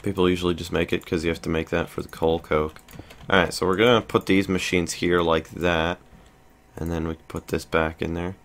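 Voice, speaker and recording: A young man with a very low voice narrates his gameplay in a loose, rambling way. He thinks aloud, trails off and restarts his sentences often. Keyboard typing can be heard behind him. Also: flat delivery, fairly quick, fairly bright tone. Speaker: let's play host. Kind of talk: casual gameplay commentary.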